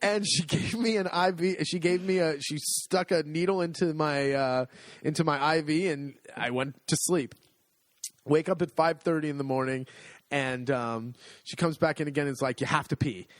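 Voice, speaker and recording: A middle-aged man telling a story in a casual chat, animated and amused, acting out the lines of the people in it. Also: a little high, moderate pace, no echo. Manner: animated, amused storytelling with restarts and acted-out quotes. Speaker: podcast co-host.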